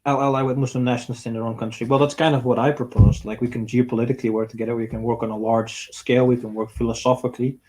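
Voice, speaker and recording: Young man, middle pitch; blunt and opinionated livestream Q&A host. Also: little pitch movement, rapid-fire, few pauses, darkish tone, low-quality recording. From Netherlands. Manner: blunt and opinionated, reads out questions then answers. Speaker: streamer answering viewer questions. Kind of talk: casual livestream Q&A.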